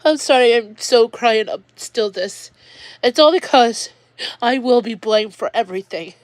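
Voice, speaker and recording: This emotional livestream monologue comes from a woman at home whose fairly high voice is animated but moves at a measured pace. She rambles in an upset way and keeps restarting sentences, with no room sound in the recording.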